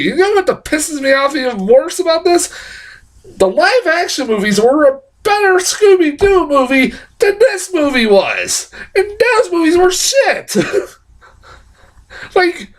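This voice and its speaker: A man's voice: very high-pitched, very animated, measured pace. A man reviewing a film in a casual, profane, exasperated rant. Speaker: movie reviewer.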